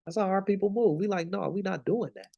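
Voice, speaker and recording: A man's voice: high-pitched, fast talker, gravelly, warm tone, muffled recording. A young man teaching scripture in a casual, slangy, emphatic way, from the United States. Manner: conversational, preachy, slangy and emphatic. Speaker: Bible teacher.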